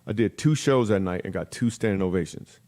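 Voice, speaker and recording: A middle-aged man, a comedian, telling lively comic stories in a podcast interview and acting out the people in them. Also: fairly low pitch, brisk. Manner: animated storyteller acting out quoted voices. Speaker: guest comedian.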